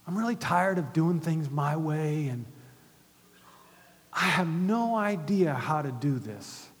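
A middle-aged man preaching a sermon in a conversational way, dropping soft and then rising loud, in a church hall. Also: high-pitched. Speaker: pastor. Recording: long reverb of a church hall.

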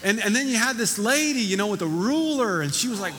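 A man preaching a sermon as pastor, animated and emphatic, recorded in a church hall. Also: high voice, a little fast.

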